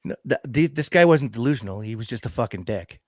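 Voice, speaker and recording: A man's voice: mid-range voice, lively intonation, fast, darkish tone, dry recording, studio quality. A young man co-hosting a podcast, rambling with many fillers and swearing. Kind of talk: casual chat.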